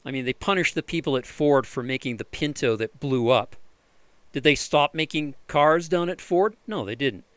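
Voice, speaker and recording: A man's voice: moderate pace, fairly bright tone, clean tone, dry recording. A man ranting in frustration while fixing his computer, sarcastic and swearing freely. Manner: exasperated, sarcastic, swears freely, mocks others in shrill voices. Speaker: vlogger doing computer repair. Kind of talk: frustrated ranting commentary over screen recording.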